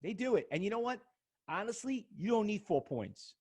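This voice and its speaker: A middle-aged man giving an excitable, emphatic live seminar on stock trading, often repeating words as he acts out arguments. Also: sits high, moderate pace, slightly rough. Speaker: trading instructor presenting at an expo. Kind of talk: animated live seminar talk to an audience.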